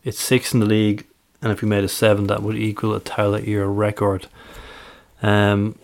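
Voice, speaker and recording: A man's voice: lowish voice, completely flat delivery, moderate pace. Man reeling off football stats. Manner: reels off stats and dates, methodical. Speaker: podcast co-host, stats presenter. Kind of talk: casual podcast chat.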